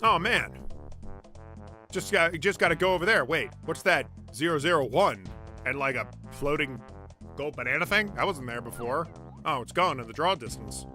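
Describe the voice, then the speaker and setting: A man streaming a game with excitable, laughing, swearing commentary. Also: fairly high pitch, moderate pace. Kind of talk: casual gameplay commentary. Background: game music.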